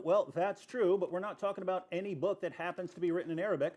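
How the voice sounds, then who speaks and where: A man's voice: high voice, fast, hardly any pauses. A man in a played video clip making an argument through pointed rhetorical questions.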